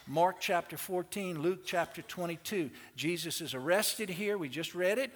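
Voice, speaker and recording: A man preaching in a sanctuary, voice pitched high for a man. He tells the story with energy and keeps turning to the congregation with questions, while a long echo hangs on every phrase. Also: moderate pace, few pauses. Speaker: pastor. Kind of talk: sermon. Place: church sanctuary.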